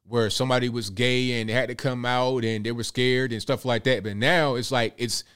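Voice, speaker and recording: Young guy doing reaction commentary, blunt, keeps repeating points, mid pitch. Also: fairly even intonation, normal speed, fairly bright tone, smooth. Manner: blunt, repetitive, conversational. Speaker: commentary host.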